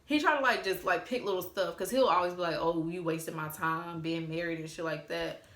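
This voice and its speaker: A young woman with a slightly low voice retells her story in a sassy, profane way. She talks straight to her viewers with plenty of exasperation. Her voice carries a roomy echo. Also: brisk, a bit bright. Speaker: storytime vlogger. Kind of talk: casual storytime.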